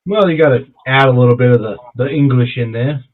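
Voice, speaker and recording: Profane man on a tinny line. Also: a little fast. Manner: profane, animated storyteller who jumps high in pitch when quoting himself. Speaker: podcast co-host. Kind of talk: casual chat. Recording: tinny phone-like sound.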